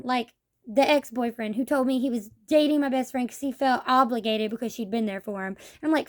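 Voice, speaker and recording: High-voiced woman ranting bluntly in a vlog. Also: fairly quick. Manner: blunt, profane storytelling, acting out quotes. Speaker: vlogger. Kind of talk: casual vlog rant.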